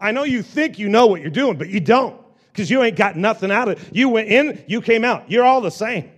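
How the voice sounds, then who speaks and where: A male pastor preaching a lively sermon to a live congregation, repeating phrases and joking with the people in the pews. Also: sits high, a little fast. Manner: animated preaching with repetitions and asides to the congregation.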